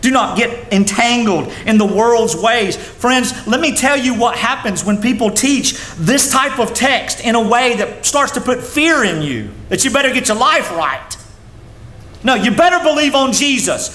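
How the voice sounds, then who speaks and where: High-voiced preaching man in an echoey church. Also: expressive, moderate pace, pushed and bright. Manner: preaching with sudden rises and drops in pitch. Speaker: pastor. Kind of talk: sermon. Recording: echoey room sound with faint noise.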